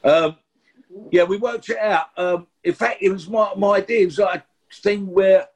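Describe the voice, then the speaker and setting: In an interview, a sixty-something guest actor with a London accent chats his way through rambling stories, often restarting and digressing. His husky voice is high, steady in tone, and delivered at normal speed.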